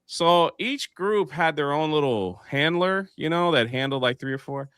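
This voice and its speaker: A man's voice: on the high side, normal speed, smooth. A man hosting a casual live panel show, telling a story and acting out the voices in it. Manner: animated, acts out the voices in his anecdotes.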